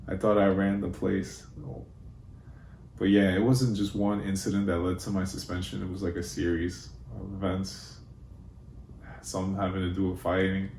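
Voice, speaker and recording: Deep, flat-voiced young New man. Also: normal speed, slight background noise. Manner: relaxed, laid-back, frequent fillers. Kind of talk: casual personal storytelling. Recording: roomy with faint ambience.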